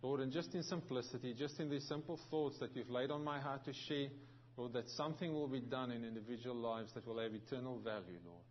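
A man leads a church service in a reverent, prayerful sermon voice. His pitch sits in an ordinary middle range. The recording sounds dull and muffled, with a faint hiss underneath. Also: fairly quick. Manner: prayerful, reverent, repeating "Lord" and "Father". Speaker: preacher. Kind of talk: sermon prayer and scripture reading.

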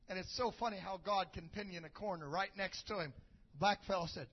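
A male preacher tells a story in his sermon, moving from quiet narration to shouted praise. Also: high-pitched, fast talker, husky. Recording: muffled lo-fi recording.

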